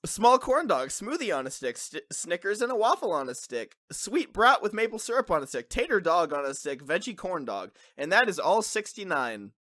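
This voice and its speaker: A man's voice: high voice, sing-song, normal speed, few pauses, sharp tone, no room sound, clean studio sound. A man hosting a podcast in casual chat, reading a list aloud and laughing. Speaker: podcast host.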